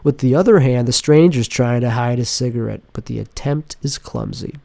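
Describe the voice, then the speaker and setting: A man's voice: medium pitch, moderate pace, vocal fry, few pauses, a little mellow, dry recording. A sniffly, sick man hosts a podcast monologue from his home apartment, reading a script aloud. He rambles and interrupts himself with a dry, sardonic edge. The recording is dry and close. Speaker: podcast host.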